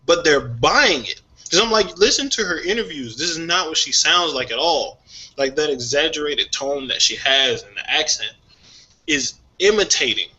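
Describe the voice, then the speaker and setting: A man on a casual music talk show, airing strong views about artists with lively energy. His tone is bright and forceful, and the recording sounds dull and lo-fi. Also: on the high side, normal speed. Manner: opinionated, animated, laughs often. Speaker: podcast co-host.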